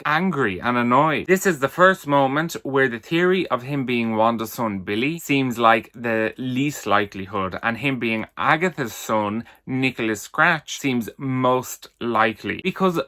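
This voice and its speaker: Guy doing an episode breakdown, bright voice, gets excited about his theories. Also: medium pitch. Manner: analytical, enthusiastic, theorizing. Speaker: video commentator.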